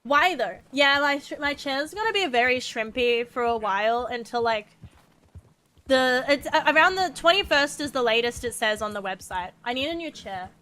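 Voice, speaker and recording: A woman's voice: high voice, lively intonation, normal speed, sharp tone. An Australian woman streaming a game, chatting casually, swearing freely and laughing often.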